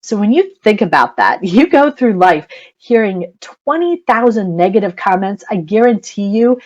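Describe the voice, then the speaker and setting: A woman's voice: mid-range voice, expressive, normal speed, muffled recording. A middle-aged woman coaching parents in a chatty webinar talk, laughing often and saying "you know" a lot. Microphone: computer mic on video call.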